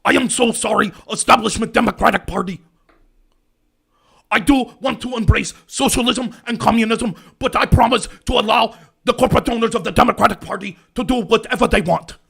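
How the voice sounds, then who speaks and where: A man's voice: extremely high pitch, moderate pace, few pauses, a bit bright, voice pushed up. A man putting on a mocking impression of an older male senator who pleads and lectures. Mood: mock-apologetic.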